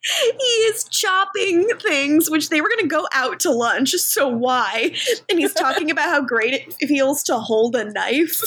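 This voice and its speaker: A woman co-hosting a podcast, casually recapping a TV episode, swearing freely, laughing often and quoting the characters in a lowered voice. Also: lively intonation, normal speed, a bit bright. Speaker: podcast co-host.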